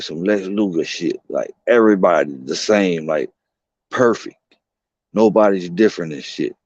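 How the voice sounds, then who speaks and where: A man's voice: sits low, darkish tone, no room sound. A man streaming from home, telling a long, rambling story in casual, slangy, profane talk. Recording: dull, dry lo-fi stream audio.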